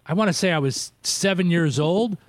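A man's voice: high-pitched, moderate pace, dry recording. A man hosting a radio interview in a casual, chatty way. He laughs often and restarts his sentences. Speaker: radio show host.

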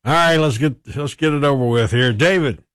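A man's voice: medium pitch, fairly quick, a bit bright. A man hosting a morning radio show, chatting casually, laughing often and reading out listener texts.

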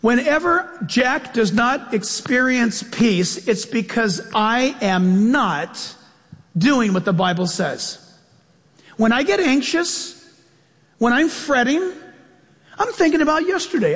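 A man preaching a sermon as pastor, telling stories in an animated way with sudden jumps in pitch. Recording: long church-hall reverb.

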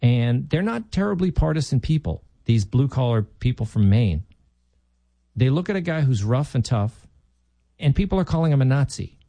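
A man's voice: mid-range voice, very animated, moderate pace, gravelly, dark tone, dry recording. A man filling in as a radio talk host, giving opinionated, emphatic political commentary while he thinks aloud.

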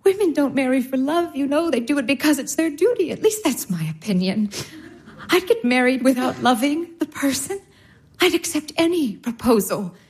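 An actress playing a comforting, practical elder sister who soothes with light laughs. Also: female voice, high-pitched, lively intonation, normal speed, a little mellow. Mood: advising. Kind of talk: stage drama acting.

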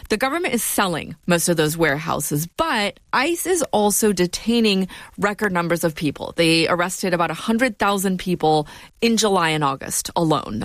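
A woman correspondent talks through a news story on the radio in a clear, explanatory way. Her voice sits on the lower side for a woman, and the studio sound is very dry. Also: dry recording. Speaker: immigration correspondent.

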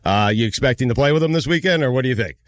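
A man's voice: mid-range voice, lively intonation, very fast, no echo. Jovial male sports radio host. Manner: jovial, laughs a lot.

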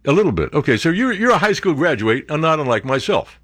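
A man's voice: a little high, very animated, fast, no echo. A man hosting a talk radio show, ranting sarcastically and mocking others with impressions.

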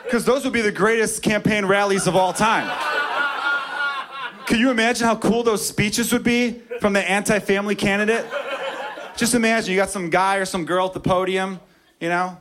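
Male stand-up, slightly high voice, loose delivery, live crowd audible. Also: fairly even intonation, normal speed. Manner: loose, rambling delivery with ranting acted-out asides. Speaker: stand-up comedian. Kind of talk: stand-up comedy set.

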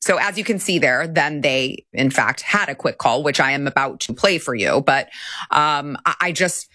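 A woman hosting a commentary talk show, talking in an indignant way that repeats itself and laughs quickly. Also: deep voice, sharp tone, no echo, clean studio sound. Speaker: host.

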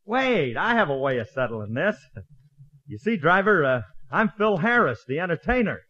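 An actor playing a boastful, wisecracking bandleader husband in a 1940s radio comedy, trading jokes in a lively way. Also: male voice, a little high, normal speed, heavily acted. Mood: sheepish. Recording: muffled old radio broadcast with hiss. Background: studio audience laughter.

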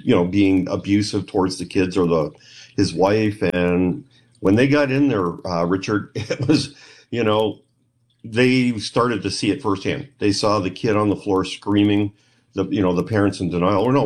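A middle-aged man speaks in a fairly low voice as an interview guest. He tells a long story in a rambling way. He acts out the other people in it as he quotes them. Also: steady tone, moderate pace. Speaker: guest, paranormal investigator.

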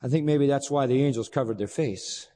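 A man preaching a sermon as pastor, animated, asking rhetorical questions and pausing for effect. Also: medium pitch. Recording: long reverb of a large hall.

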